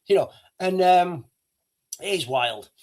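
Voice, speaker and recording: High-voiced man rambling on a livestream. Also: lively intonation, takes it slowly, darkish tone. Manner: rambling, many restarts and fillers. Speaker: livestream host. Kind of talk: casual livestream chat.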